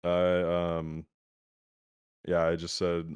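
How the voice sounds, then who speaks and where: A young man chatting casually as an interview guest over a video call, relaxed and full of filler words, his audio a little choppy from a poor connection. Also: deep voice, fairly quick, smooth, dry recording, highs cut off.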